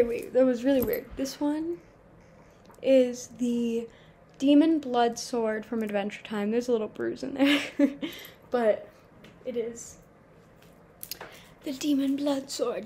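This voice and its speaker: Speaking on the high side with a dark tone, a 19-year-old vlogger rambles casually to her camera at home. She curses freely and mocks herself, and the camera mic catches slight background noise.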